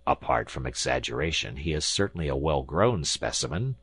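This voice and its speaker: A man's voice: low-pitched, expressive, a little slow, creaky, husky, no room sound, heavily acted. A man voicing an arrogant, bombastic older professor who lectures with scorn. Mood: smug.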